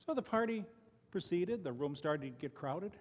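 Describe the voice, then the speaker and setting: A man's voice: sits high, animated, normal speed, big-room sound. An older man from Chicago giving a folksy, conversational sermon full of personal stories, often restarting his sentences. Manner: folksy, conversational, frequent restarts and "you know". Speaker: lay preacher. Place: church sanctuary.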